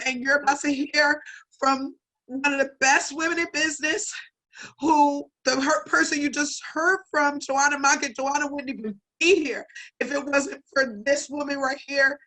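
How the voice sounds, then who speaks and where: A woman's voice: sits high, steady tone, normal speed, bright, forceful tone, rough recording. A woman emceeing an online event, introducing speakers in an effusive, tearful, emphatic way over a video call. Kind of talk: emotional live introductions.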